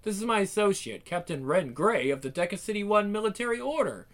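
A man's voice: high-pitched, expressive, brisk. A man voicing a pompous, condescending older male scientist in a one-man game fan dub.

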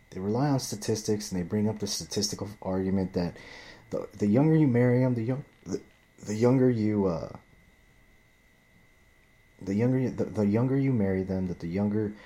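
A man's voice: lowish voice, warm tone. A man ranting in a profane, rambling monologue, often restarting and repeating himself.

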